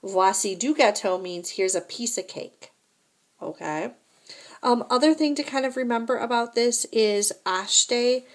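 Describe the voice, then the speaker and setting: A woman's voice: on the high side, unhurried. A woman teaching a recorded French lesson, explaining grammar step by step and checking in with "right?" and "okay?".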